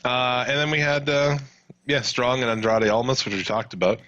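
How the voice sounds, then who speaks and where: A man's voice: mid-range voice, normal speed, pushed and bright, no echo, muffled recording. A man co-hosting a podcast, recapping wrestling in loose, profane, laughing casual chat. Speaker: podcast co-host.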